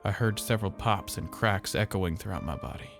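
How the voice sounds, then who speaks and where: A man telling a horror story in slow, measured, somber narration. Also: low-pitched, animated, vocal fry, music in the background.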